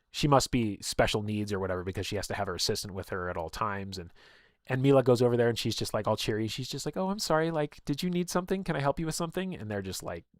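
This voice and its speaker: Man with a low, rambling voice. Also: dry recording, clean studio sound. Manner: rambling, with many filler words; openly emotional. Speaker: streamer and game player. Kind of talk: casual storytelling chat.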